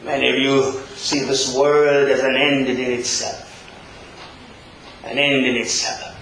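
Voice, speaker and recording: An older man preaching a funeral sermon, rising to impassioned shouts and dropping to hushed tones. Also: mid-range voice, flat delivery, slow, slight background noise. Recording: very echoey hall with crowd.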